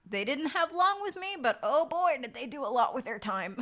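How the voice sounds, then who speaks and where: A woman's voice: high voice, big pitch swings, moderate pace, fairly bright tone. A woman streamer telling a wild family story in casual chat, dramatic and profane.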